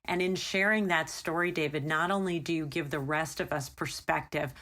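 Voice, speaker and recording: Lady podcast host, lowish voice, lots of mm-hmms, thoughtful replies. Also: fairly even intonation, normal speed. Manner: warm listener, frequent murmured agreement. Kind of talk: interview conversation.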